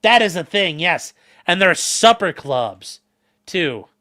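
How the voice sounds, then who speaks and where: A man's voice: high voice, big pitch swings, slow, bright, forceful tone. A man hosting a livestream, rambling and joking as he reacts to the chat. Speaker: livestream host reading chat. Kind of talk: casual stream chat.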